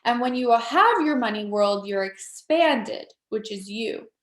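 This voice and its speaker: A woman's voice: fairly high pitch, lively intonation, a little slow, echoey room. A woman leading a live online motivational workshop, talking in a playful, upbeat way and coaxing her audience along. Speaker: workshop facilitator.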